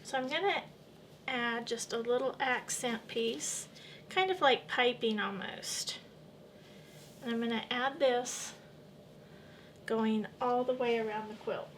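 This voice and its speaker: Woman, quilting tutorial host, slightly high voice, chatty step-by-step explaining, faint room noise. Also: steady tone, measured pace. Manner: friendly, chatty, explains as she works. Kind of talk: casual step-by-step sewing tutorial.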